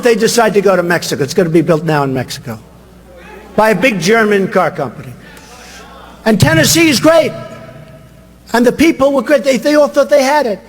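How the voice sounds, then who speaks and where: Older male candidate at a rally, high-pitched, boastful and rambling, booming hall echo. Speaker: political candidate. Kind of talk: campaign rally speech. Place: large rally venue. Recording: reverberant hall, long echo.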